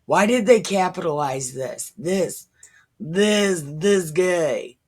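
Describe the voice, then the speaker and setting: A woman's voice: fairly low pitch, expressive, takes it slowly, darkish tone, breathy edge. A woman in her thirties reading the Bible aloud and musing over it in a casual, irreverent way. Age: 30s. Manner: musing, irreverent, slips into whispers. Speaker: Bible reader.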